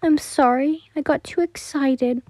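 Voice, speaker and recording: A woman's voice: high voice, fairly even intonation, measured pace, a little mellow, no echo, pitched above the performer's own voice. A woman voicing Zenitsu, an obsessive, possessive young man who swings between unhinged laughter and clingy whispering, in a fan fiction reading.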